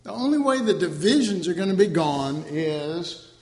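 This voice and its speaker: A man's voice: high voice, animated, moderate pace, darkish tone, echoey room. A man preaching an informal sermon in a conversational, joking way, correcting himself as he goes and acting out mock quotes.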